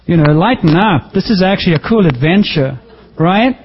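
A pastor preaches a sermon in a lively, joking manner at a moderate pace, punctuating points with sudden pitch jumps. The audio is dull.

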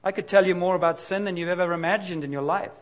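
A man's voice: high voice, fast, muffled recording. A middle-aged man preaching a sermon in a candid, confessional, conversational way, with sudden emphatic bursts. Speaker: pastor.

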